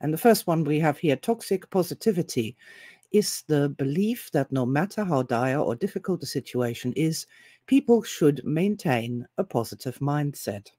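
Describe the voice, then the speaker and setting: Woman host, mellow tone, wry and sarcastic, reading sources aloud; dry close recording. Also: deep voice, expressive, slightly rough, no room sound. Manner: deliberate, with pauses and hesitations. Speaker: self-help author and video host. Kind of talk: solo commentary reading web pages aloud.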